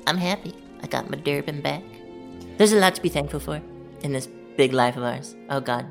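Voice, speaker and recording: A woman's voice: sits low, brisk, vocal fry, faint music behind. A woman playing her character at a tabletop game, rambling with lots of fillers. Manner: rambling, filler-heavy talk. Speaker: player.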